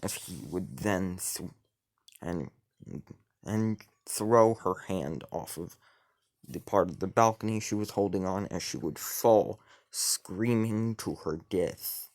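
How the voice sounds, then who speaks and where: A man's voice: low voice, takes it slowly, darkish tone. A man improvising a fantasy story in casual narration, rambling, with frequent restarts and self-corrections.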